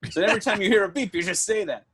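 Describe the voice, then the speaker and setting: A man co-hosting a casual comedy podcast, rambling and halting as he cracks deadpan jokes. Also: high-pitched, husky. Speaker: podcast co-host.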